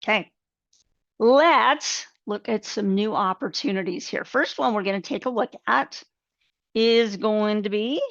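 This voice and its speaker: A woman's voice: mid-range voice, unhurried, a bit bright, no room sound. A woman trading coach teaching a live webcast, talking through charts step by step in a conversational way. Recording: dull, dry webcast audio.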